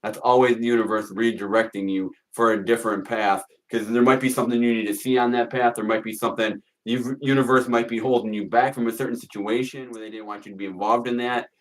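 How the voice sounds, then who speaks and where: A man's voice: medium pitch, fairly even intonation, quick pace, few pauses, low-quality recording. Earnest man, reassuring on a video call. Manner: earnest, reassuring, repeats himself. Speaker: guest tarot reader. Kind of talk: casual live stream chat.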